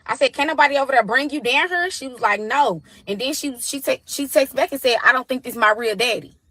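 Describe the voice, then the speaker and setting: A woman telling a tense story about her daughter, quoting texts and calls in a fast, profane way. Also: on the high side, bright, forceful tone, no room sound, rough recording. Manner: fast, profane retelling with quoted dialogue. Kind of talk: animated storytelling.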